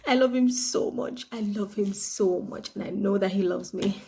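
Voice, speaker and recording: A woman's voice: mid-range voice, gravelly, voice pushed down. A Nigerian woman acting a newly engaged young woman, gushing and close to tears in a comedy skit.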